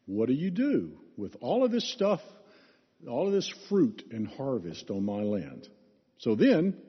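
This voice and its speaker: A man preaching a sermon as pastor, teaching in an expressive, emphatic way. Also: a little high, slightly rough. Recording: reverberant hall, dull lo-fi sound.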